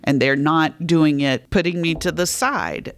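A woman author who is a guest on a faith podcast, telling her own story in a candid, calm way. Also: low voice, measured pace.

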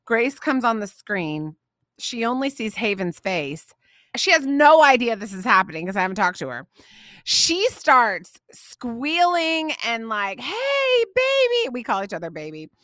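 A woman tells a family story to her podcast listeners, gushing and laughing often. Her voice is bright and a bit high, and it swings widely in pitch. The sound is dry and close. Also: very animated, measured pace, no room sound. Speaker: podcast host.

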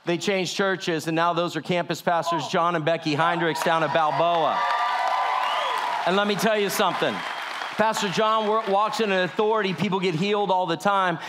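A man telling a lively sermon testimony. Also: brisk, a crowd in the background, background noise. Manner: animated storyteller, acts out quotes with lower voices and laughs. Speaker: speaker sharing a testimony.

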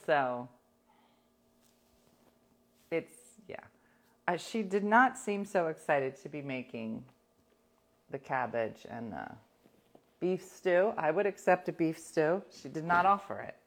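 A woman's voice: low-pitched, lively intonation, takes it slowly, pauses often. A woman hosting a casual livestream, telling stories to her viewers in a wry, sarcastic way. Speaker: livestream host.

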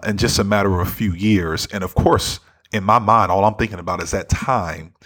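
A man's voice: low voice, fairly bright tone, husky. A man giving an earnest, conversational talk on leadership, often checking in with "right?". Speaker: speaker on leadership. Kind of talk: motivational talk.

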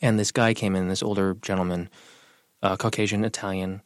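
A young man in an interview, talking casually and telling personal stories, relaxed and lively when quoting other people. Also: deep voice, a little fast, dry recording. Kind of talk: casual conversational storytelling.

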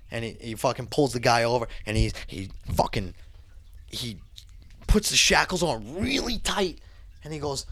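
A man telling a story in casual talk, animated and swearing often, acting out other people's voices. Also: medium pitch, normal speed, no echo.

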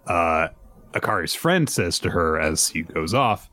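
Casual: low-voiced guy on a podcast, swings his pitch all over while retelling chapters. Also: measured pace. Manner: animated storyteller who acts out quotes. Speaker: podcast co-host. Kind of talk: casual chat recapping manga chapters.

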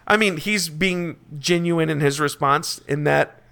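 A young man running a tabletop game as game master, chatty with quick asides and laughs. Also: on the high side, vocal fry, pushed and bright, clean tone.

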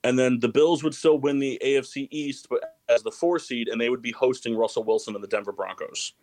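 A man's voice: mid-range voice, fairly even intonation, a little fast, a little mellow, no echo, poor audio. A man hosting a casual sports podcast, rambling and correcting himself, laughing often. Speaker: podcast host.

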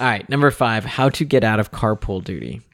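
A man co-hosting a podcast, telling stories in a lively casual chat and putting on kids' voices. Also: on the low side, brisk, no room sound, clean studio sound. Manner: animated storyteller, puts on kids' voices. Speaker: podcast co-host.

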